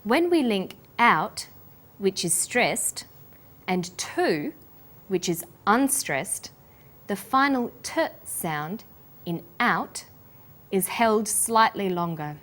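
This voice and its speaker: A woman with an Australian accent hosting a scripted English pronunciation lesson, speaking slowly and articulating each word clearly. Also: mid-range voice, very animated, fairly bright tone. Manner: slow, deliberate, clearly articulated. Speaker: English teacher and host.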